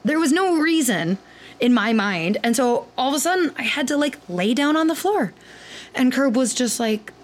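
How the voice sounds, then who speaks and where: A woman's voice: on the high side, lively intonation, normal speed. A woman hosting a podcast, talking candidly in a rambling, casual monologue full of fillers and the odd swear word. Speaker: podcast host and clinician.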